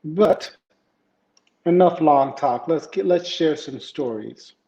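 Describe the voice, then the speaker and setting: A man's voice: on the high side, slow pace, gravelly, warm tone. A man hosting a live tech show, casually chatting with viewers and reading news stories in a rambling way. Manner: rambling, chatty, greets viewers in chat, many fillers. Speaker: livestream tech show host. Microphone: home setup, iPad camera and PC. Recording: echoey room, dull lo-fi sound.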